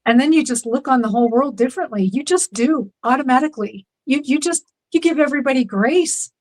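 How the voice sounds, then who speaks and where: A woman talking as a guest in a casual faith chat, speaking in a gentle, reflective, affirming way. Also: high-pitched, lively intonation, a little fast, poor audio.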